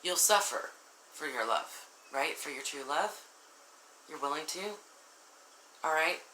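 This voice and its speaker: A woman's voice: low-pitched, unhurried, roomy sound, a little hiss or hum, poor audio. A woman giving an earnest, emotional tarot reading and talking straight to her viewers. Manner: earnest, warm-hearted, addresses viewers directly, emotional. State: tearful at times. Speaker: tarot reader.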